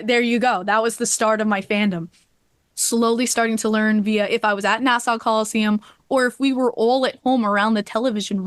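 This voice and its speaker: A woman guest on a podcast telling a heartfelt personal story, animated and quick to laugh, getting choked up. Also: medium pitch, no echo, clean studio sound.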